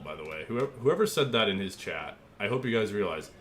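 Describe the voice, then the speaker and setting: While working on a paint scheme, this young streamer talks to his chat in a goofy, joking way, quick to laugh. His fairly low voice is expressive and fairly fast, with hardly any pauses.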